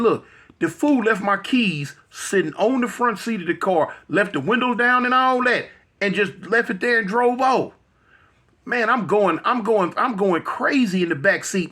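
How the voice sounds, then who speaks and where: Husky high-voiced Los man. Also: bright, forceful tone. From Los Angeles. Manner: vivid retelling that acts out the voices of others; repetitive, with frequent restarts and slang. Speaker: guest. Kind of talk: animated storytelling in an interview.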